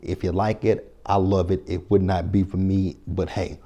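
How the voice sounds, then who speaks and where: A man with a lowish, mellow voice runs through a TV episode recap in a loose, chatty way. He tells it with lots of profanity and acts out his own reactions to each scene. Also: normal speed. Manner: animated, profane storytelling with quoted reactions. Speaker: TV recap reviewer. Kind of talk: casual spoken recap.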